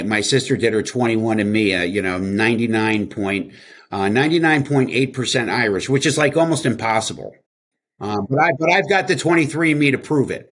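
A man from New Jersey, an interview guest telling his story in casual, rambling speech, full of fillers and acted quotes. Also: lowish voice.

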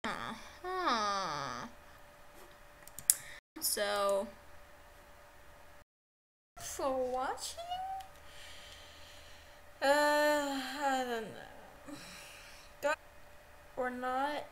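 A young woman livestreaming a game, excitable and repeating herself, yelping at what happens on screen. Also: high voice, very slow, pauses often, a little hiss or hum, low-quality recording. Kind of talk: live gameplay commentary.

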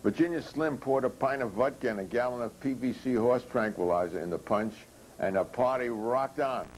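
Author reading his own chapter aloud, dry and steady, deadpan. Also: medium pitch, moderate pace, slight background noise, low-quality recording.

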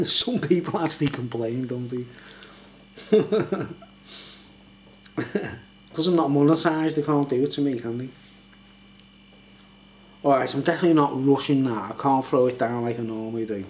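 A man's voice: medium pitch, moderate pace, long pauses, a little hiss or hum. An older man, a little tipsy, rambling and laughing as he reviews a beer late at night at home. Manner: rambling, chatty, laughs often.

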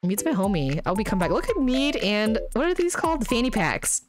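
Young woman, excitable game streamer, giggly, very lively pitch, game music playing behind. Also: a little fast. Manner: giggly, excitable, often laughing. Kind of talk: casual game stream chat reading dialogue aloud.

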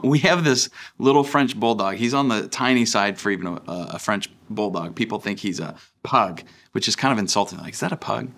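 Low-voiced man preaching casually. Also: sharp tone. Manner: conversational, storytelling with frequent fillers and restarts. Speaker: pastor. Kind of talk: sermon.

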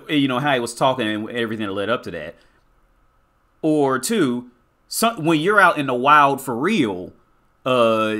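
A man's voice: medium pitch, fairly bright tone. A man giving blunt, profane reaction commentary in a rant, often repeating himself. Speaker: commentary vlogger.

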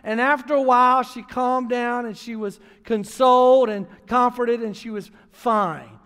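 Male pastor, very high-pitched, emphatic storytelling sermon, echoing sanctuary. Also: fairly even intonation, a little slow, clean tone. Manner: storytelling preacher, builds to emphatic near-shouting. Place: church sanctuary. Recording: long reverb of a large church hall.

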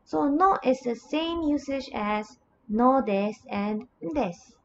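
Woman, Japanese accent, language teacher, slow careful delivery, slightly high voice, dull recording with faint hiss. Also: expressive. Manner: slow, careful, repeats example phrases with rising and falling intonation. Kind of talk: online grammar lesson.

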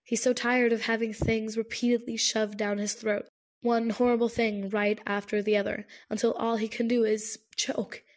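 A woman narrating an audiobook with a steady, measured reading. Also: fairly high pitch. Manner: steady, measured reading with present-tense prose.

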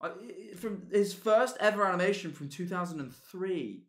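A British man streaming live, reacting to videos with excitable, swearing commentary that bursts into yelling. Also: high-pitched, normal speed.

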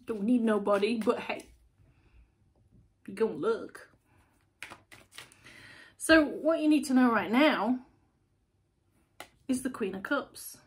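A woman giving a casual, chatty tarot reading to camera as host, blunt and animated. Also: on the high side, takes it slowly, pauses often, a little hiss or hum. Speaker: tarot reader, channel host.

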